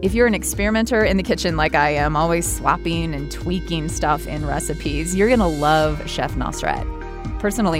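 A woman hosting a radio show and podcast, reading an upbeat outro and promoting the next episode. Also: fairly low pitch. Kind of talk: interview and scripted outro. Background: music.

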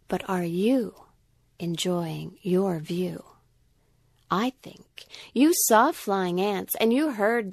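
Woman, rhyming story, gentle sing-song, slow, gravelly, dry. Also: on the low side, dry recording.

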